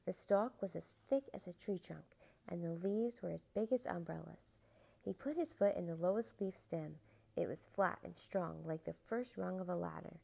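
A woman reading a children's storybook aloud with expressive, animated delivery. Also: fairly low pitch, moderate pace, creaky, breathy edge, poor audio.

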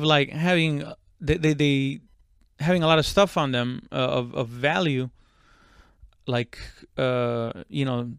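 This man's voice is a little high and smooth, recorded at studio quality with no room sound. He tells a story casually and rambles, full of fillers and restarts. He swears freely and loudly acts out quoted speech.

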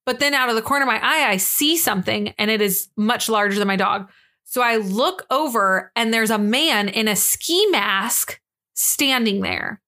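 A young woman co-hosting a podcast, telling a story in an animated, casual way, swearing freely and acting out the quotes. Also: on the high side, moderate pace. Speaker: podcast co-host.

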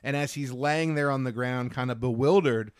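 A man's voice: mid-range voice, normal speed, smooth, dry recording, clean studio sound. A young man chatting as a podcast co-host, enthusiastic and acting out quoted lines. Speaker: podcast co-host discussing films. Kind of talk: casual chat.

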